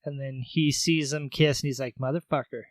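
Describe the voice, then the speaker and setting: A man's voice: on the high side, flat delivery, normal speed, no echo. A man co-hosting a podcast, retelling movie scenes in a loose, profane, chatty way. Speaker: podcast co-host. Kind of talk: casual movie recap chat.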